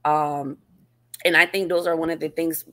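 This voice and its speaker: A woman's voice: low voice, flat delivery, moderate pace, pushed and bright. A woman author, a guest in an interview, speaking earnestly and reflectively about her own past, often repeating phrases. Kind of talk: personal interview talk.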